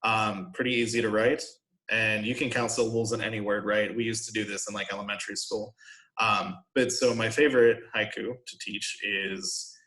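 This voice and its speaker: A man's voice: fairly low pitch, little pitch movement, moderate pace, bright, forceful tone. A man teaching a college poetry class in an informal recorded lecture, explaining patiently with frequent "um"s and "right?" asides. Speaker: college instructor.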